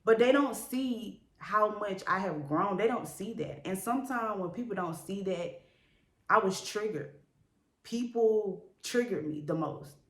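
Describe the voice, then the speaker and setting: A woman's voice: medium pitch, animated, unhurried, fairly bright tone. A young woman telling her story to her viewers in an earnest, chatty way, full of "like" and "y'all". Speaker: vlogger. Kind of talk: casual candid storytelling to camera. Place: indoor room in a city. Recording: echoey room.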